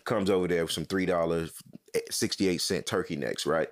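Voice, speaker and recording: A man's voice: sits low, moderate pace. A man in casual podcast chat. He tells stories with lots of swearing, repeats himself and restarts his sentences. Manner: animated storyteller, swears freely, repeats and restarts.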